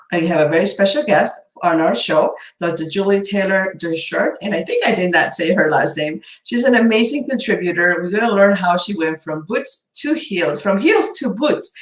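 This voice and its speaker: A woman's voice: on the low side, reverberant, poor audio. A woman hosting a radio show and podcast, effusive and upbeat, with many fillers and restarts.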